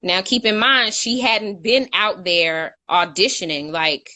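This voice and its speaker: A woman's voice: mid-range voice, measured pace, bright, forceful tone. A woman co-hosting a casual talk show, telling a long story in a chatty way and stopping to correct her own slips with a laugh. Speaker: co-host.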